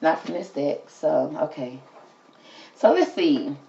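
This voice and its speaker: A woman's deep, warm, creaky voice moves slowly but expressively as she hosts a casual tarot reading. She speaks to the cards and calls everyone "girl" in her chatty style, over lo-fi sound.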